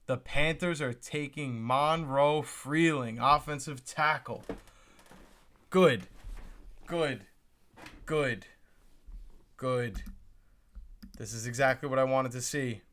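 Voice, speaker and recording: A man's voice: medium pitch, steady tone, moderate pace, few pauses, sharp tone. A young man streaming live reactions to a sports draft, pleading and exasperated, often repeating himself. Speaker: fantasy football streamer.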